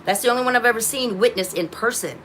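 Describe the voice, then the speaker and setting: A woman's voice: on the high side, quick pace, a bit bright, slight background noise. A woman with grown children hosting a casual livestream from her phone, rambling with many restarts and talking to viewers as y'all. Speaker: livestream host.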